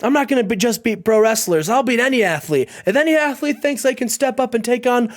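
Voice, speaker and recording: A man's voice: very high voice, lively intonation, a little fast, pitched above the performer's own voice. A man voicing a huge boastful male pro wrestler cutting a bragging promo in a video game playthrough.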